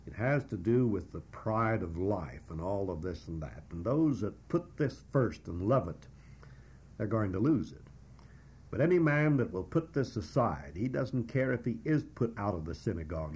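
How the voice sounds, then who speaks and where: Husky low-voiced preacher on a dull recording. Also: male voice, lively intonation, a little mellow. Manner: measured, emphatic teaching with frequent "uh" pauses. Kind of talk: verse-by-verse Bible exposition.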